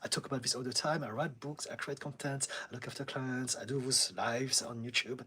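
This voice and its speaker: Calm, husky-voiced male therapist. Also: mid-range voice, brisk. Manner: calm, steady and reassuring, with frequent light laughs. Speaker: therapist hosting a live Q&A. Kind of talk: live-stream Q&A, reading chat comments.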